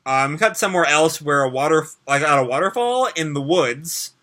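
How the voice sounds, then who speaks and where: A man's voice: a little high, lively intonation, normal speed, hardly any pauses, a bit bright. A man hosting a casual live reaction to a manga chapter. He recaps chattily with many fillers and asides, and reads the characters' dialogue aloud.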